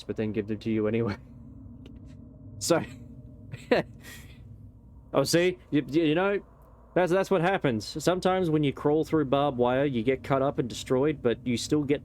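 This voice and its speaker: A man's voice: medium pitch, steady tone, moderate pace, a little mellow, a little hiss or hum. A young man casually rambling and joking while he streams a game, with some swearing. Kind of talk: casual gameplay commentary.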